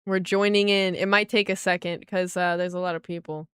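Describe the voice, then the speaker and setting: A young woman livestreaming a game launch, chatting excitedly to her viewers and calling them guys. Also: lowish voice, brisk, clear, resonant tone, dry recording, studio quality. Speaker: livestreaming gamer. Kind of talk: casual livestream chat.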